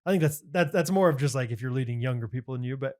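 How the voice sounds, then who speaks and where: A man's voice: mid-range voice, racing, darkish tone. A man co-hosting a podcast in casual chat, rambling with lots of fillers and restarts, joking and laughing easily. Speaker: podcast co-host.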